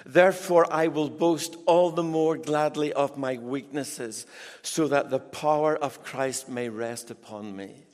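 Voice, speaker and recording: A middle-aged man preaching a sermon as a pastor, emphatic and animated, with asides to the congregation. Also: fairly high pitch, measured pace. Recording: long reverb in a large hall.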